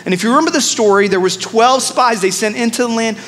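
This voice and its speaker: A man's voice: extremely high pitch, quick pace, in a large hall, a little hiss or hum. A man preaching a sermon as a pastor, telling stories with asides to the congregation. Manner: storytelling, animated with asides to the congregation.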